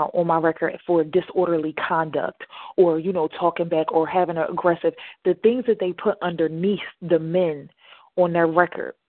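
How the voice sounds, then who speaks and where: A woman talks earnestly and pauses often on "um" as she works through her point. Her voice sits somewhat low. It comes through a narrow, phone-like line with a dry sound. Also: no room sound. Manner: earnest, many hesitations and ums. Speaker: radio show panelist who works with youth in the court system. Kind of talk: casual talk radio commentary.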